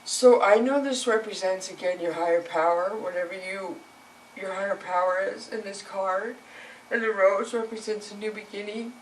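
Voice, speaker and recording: A woman's voice: mid-range voice, steady tone, normal speed, recorded from a distance, a little hiss or hum, poor audio. Emotional woman giving a tarot reading. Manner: emotional, earnest, speaks directly to viewer. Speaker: tarot reader. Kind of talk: casual tarot reading to camera.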